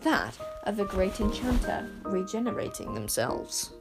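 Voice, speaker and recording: A woman's voice: mid-range voice, sing-song, unhurried, vocal fry, loud music behind the voice. A woman voicing a fussy, grand old talking bird in a storybook, speaking in a theatrical, formal way. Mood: grave.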